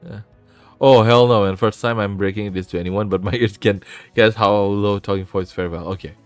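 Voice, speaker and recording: A man's voice: fairly low pitch, steady tone, a little fast, no echo, soft background music. A man with a sore throat, hosting a casual live stream, rambling and often interrupting himself. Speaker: VTuber streamer and host.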